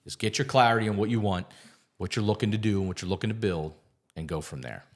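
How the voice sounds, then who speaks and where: A man's voice: fairly low pitch, fast. A man talking as a podcast guest in casual conversation, telling candid stories with lots of filler words and the odd swear.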